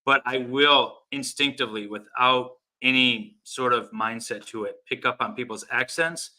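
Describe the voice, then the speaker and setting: Earnest male talker, very bright sharp tone, casual chat. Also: mid-range voice, steady tone, normal speed, rough recording.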